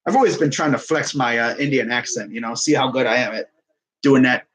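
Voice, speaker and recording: A young man casually commenting on a live sports stream, excitable and rambling. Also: medium pitch, a little fast, low-quality recording. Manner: excitable, rambling, laughs often.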